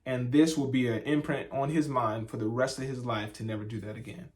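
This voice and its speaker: A man's voice: medium pitch, fairly quick, hardly any pauses. A young man talks casually beside his wife for their vlog, telling a story with plenty of energy. His voice sits in a mid range. He acts out the other people in the story as he goes. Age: young adult. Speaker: vlogger, husband. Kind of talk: casual sit-down chat.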